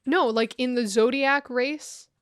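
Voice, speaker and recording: A woman's voice: high-pitched, smooth, no room sound, studio quality. A young woman co-hosting a podcast in casual chat, teasing and joking playfully. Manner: playful teasing, quick jokes. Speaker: podcast co-host.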